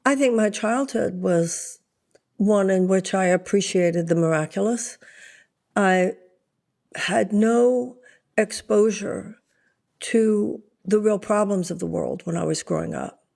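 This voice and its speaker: Older woman guest, gravelly tone, articulate and composed. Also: medium pitch, slow, darkish tone. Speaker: guest, spiritual author. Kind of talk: podcast interview.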